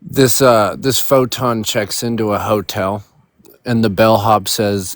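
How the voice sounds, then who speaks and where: A man calling into a live stream from his porch, friendly and relaxed as he tells a joke. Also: on the low side, measured pace, dry recording, clean studio sound. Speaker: caller. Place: outdoors on a porch.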